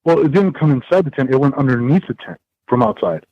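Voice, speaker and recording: A man, a podcast guest, telling a story in a casual, animated way, full of fillers and restarts. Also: medium pitch, fast talker, no room sound, muffled recording.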